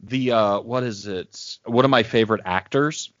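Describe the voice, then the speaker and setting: A man's voice: fairly low pitch, normal speed, no echo. A man co-hosting a podcast, telling rambling stories with many fillers in casual chat. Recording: dry, dull lo-fi sound.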